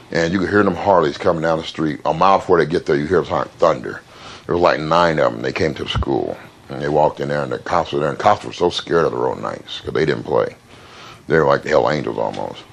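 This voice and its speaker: A man in an interview, speaking plainly and haltingly about his past, with many fillers and repeated words. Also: a bass voice, gravelly. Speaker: interview guest. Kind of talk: candid interview storytelling.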